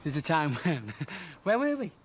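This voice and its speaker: A man's voice: on the high side, huge pitch swings, a little slow, a little hiss or hum. A young man chatting backstage, earnest and talkative, acting out quotes as he tells stories about his best friend. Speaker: best friend and tour companion. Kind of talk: casual backstage chat. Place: backstage room.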